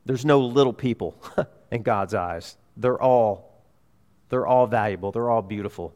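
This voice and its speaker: A man preaching a sermon as a pastor in a church, emphatic, repeating key phrases and swinging between loud urgency and hushed tones. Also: mid-range voice, moderate pace.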